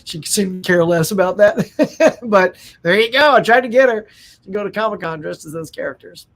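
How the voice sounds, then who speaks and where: Man, high-pitched, middle-aged, enthusiastic stream host, casual chat, laughs a lot. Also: lively intonation, moderate pace, a bit bright. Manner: chatty, enthusiastic, laughs often. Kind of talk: casual live-stream chat reading viewer comments.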